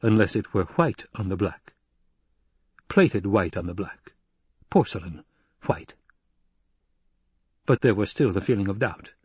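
A man narrating a novel in a steady, measured storytelling voice. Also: fairly low pitch, breathy edge, no echo. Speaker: audiobook narrator. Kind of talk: scripted narration.

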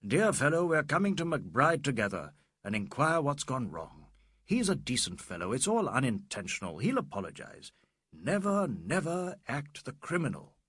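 A man voicing a brisk Englishman who takes charge with firm, brusque reassurance. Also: medium pitch, very animated, a bit bright, husky, no room sound, clean studio sound. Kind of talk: audiobook character voice.

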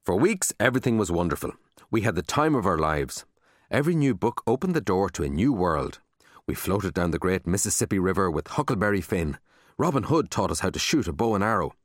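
A man narrating a children's book aloud in a lively, expressive storytelling manner, close to the mic. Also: low-pitched, fairly quick, no room sound. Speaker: audiobook narrator.

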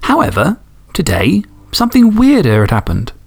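A man's voice: on the high side, huge pitch swings, normal speed, gravelly, husky. A man hosting a podcast, reading fan stories and chatting enthusiastically, swearing casually. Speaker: podcast host.

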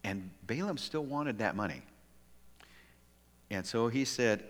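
A man preaching a sermon in a church, with an ordinary mid-range pitch. He tells the story in an animated way and often stops to restart a phrase. The sound trails off in a long reverb around him. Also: takes it slowly, pauses often. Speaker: pastor. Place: church sanctuary.

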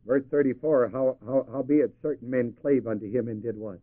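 This sermon, captured on thin-sounding lo-fi tape, is delivered by a man with a mid-range voice who takes his time and pauses often. Chuckling regularly, he leaves verses unfinished so his listeners can supply the rest.

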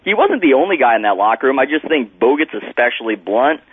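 A man's voice: medium pitch, sing-song, quick pace, husky, dry recording. Male guest reporter on a phone line, hesitant, self-correcting, dry tinny sound. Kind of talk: radio phone interview.

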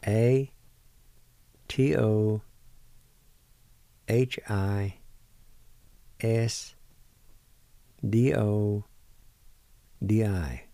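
A middle-aged man hosting a language lesson, spelling words letter by letter and repeating each one slowly. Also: lowish voice, creaky, mellow, no echo. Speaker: radio host teaching words. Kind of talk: slow word-by-word language lesson.

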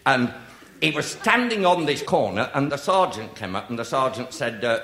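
An older man telling comic stories on stage, chatty and confiding, with deadpan punchlines. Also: mid-range voice, normal speed. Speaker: stand-up comedian. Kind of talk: stand-up comic storytelling. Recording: echoey live room with noise.

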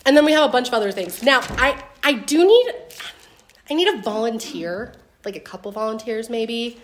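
A young woman leading a casual Bible lesson for a group, talking in a chatty way with lots of fillers and lively storytelling. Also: on the high side, normal speed, slight background noise. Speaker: Bible study teacher. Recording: roomy echo.

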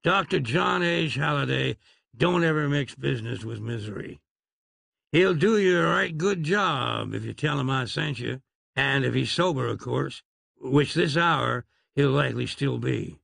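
Narrator as a curt sheriff, drawling, gravelly, husky. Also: male voice, mid-range voice, measured pace, fairly bright tone, dry recording, exaggerated voice. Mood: commanding. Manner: clipped, dry, commanding. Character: laconic, stern Wild West sheriff.

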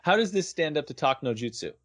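A man's voice: fairly high pitch, expressive, quick pace, a bit bright, no echo, studio quality. A man co-hosting a casual podcast, analyzing an anime and asking pointed questions. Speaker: podcast co-host.

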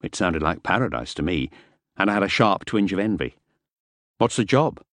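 A man's voice: low voice, expressive, brisk, fairly bright tone, no echo. A man narrating a novel in the first person, with a wry, self-justifying manner. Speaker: audiobook narrator.

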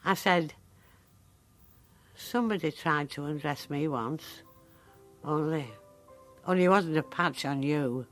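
A woman's voice: low voice, slow pace, long pauses, faint music behind. A dry-witted Northern English woman of ninety-five. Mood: wry. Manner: dry, deadpan, wry storytelling. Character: sharp-tongued woman of ninety-five in a care home. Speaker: monologue character. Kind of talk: dramatic monologue.

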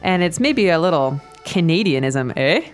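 Female lesson host, lowish voice, patient and repetitive, faint music under. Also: animated. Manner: explains slowly, repeats phrases. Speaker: language podcast host. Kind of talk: language lesson chat.

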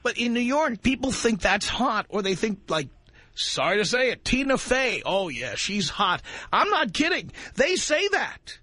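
A man hosting call-in talk radio from the studio, with a high, bright, forceful voice. He talks bluntly and emphatically, with a mocking edge. The sound is close and dry. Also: very animated, normal speed, no room sound. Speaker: radio talk show host.

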